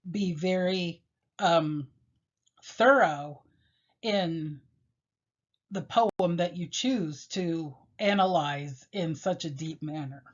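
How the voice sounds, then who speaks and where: A woman teacher lectures on a poem in a fairly low voice. She explains step by step, pausing and filling gaps as she thinks. The recording sounds dull and lo-fi. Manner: measured, explanatory, with pauses and fillers. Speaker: literature teacher.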